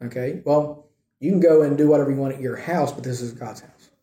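A man's voice: mid-range voice, a little fast, mellow. A man preaching a sermon in a conversational teaching style, often checking in with his listeners. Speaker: pastor. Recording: echoey room.

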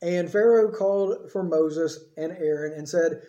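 A man's voice: a little high, measured pace, mellow, echoey room, dull audio. A man reading scripture aloud and then explaining it in a sermon, in a casual, conversational way. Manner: reads verses, then explains them conversationally with asides. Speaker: preacher.

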